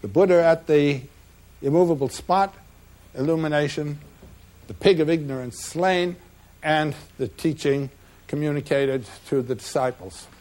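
Reflective man lecturing in a higher voice. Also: a little mellow. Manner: measured, reflective, with frequent pauses and "uh" fillers. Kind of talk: lecture describing slides.

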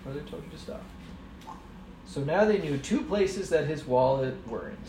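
A mother improvising a silly story for her kids, playful and rambling, breaking into laughter along the way. Her voice swings widely in pitch. The room is echoey, with steady noise in the background. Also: moderate pace, distant mic.

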